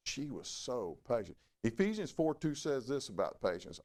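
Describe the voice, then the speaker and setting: Folksy male preacher, lively pitch. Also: normal speed, few pauses. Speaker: pastor. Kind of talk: sermon.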